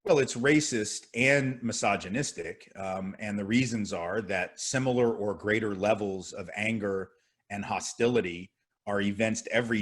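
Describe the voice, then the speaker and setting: A man's voice: on the low side, a bit bright, slightly rough. A man in his fifties, a guest speaker answering audience questions in an impassioned, rhetorical way over a video call. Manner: impassioned, rhetorical, repeats "right?".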